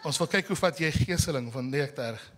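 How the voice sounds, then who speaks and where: A man from South Africa with an Afrikaans South African accent, preaching a sermon at a church service in an animated, teasing way, slowing his words for emphasis. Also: a little high, a little hiss or hum. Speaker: pastor.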